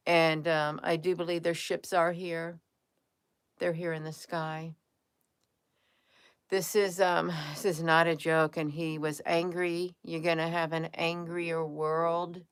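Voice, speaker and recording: A tired woman talks slowly and drowsily, stopping often to hesitate and restart. Her voice is lowish, smooth and clear, recorded dry and close with no room sound. She drifts between murmured asides and sudden emphatic lines. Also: fairly bright tone, no echo. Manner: rambling, hesitant, with frequent "um" and restarts. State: tired, drained. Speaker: conspiracy commentary vlogger. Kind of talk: casual commentary over images.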